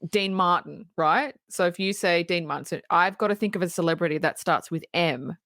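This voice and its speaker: A woman's voice: on the low side, a little fast, a bit bright, no echo. Aussie lady cohosting a movie podcast, blunt, lots of ums, dead dry sound. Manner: blunt, frequent fillers and restarts. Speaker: podcast co-host. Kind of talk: casual film review chat.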